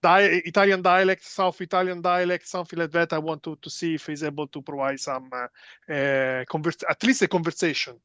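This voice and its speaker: Man, class participant on a call, hesitant, fillers, fairly high voice, dry sound. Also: fairly even intonation, brisk, fairly bright tone, clear, resonant tone, no room sound, lo-fi sound. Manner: hesitant, many fillers and restarts. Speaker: workshop participant. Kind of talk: casual question in online class. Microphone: video call.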